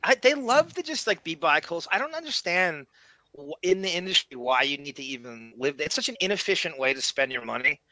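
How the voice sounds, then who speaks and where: A man's voice: a little high, very animated, fairly quick, pushed and bright, dry recording. A man with a Long Island accent hosting a casual live-stream chat, rambling and self-deprecating. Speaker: show host.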